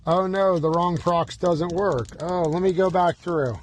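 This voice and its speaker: A man's voice: high-pitched, fairly even intonation, a little slow, a little hiss or hum. A man demonstrating car key programming from inside a vehicle, talking through each step with bursts of mock panic. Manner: exaggerated mock panic, fretful exclamations.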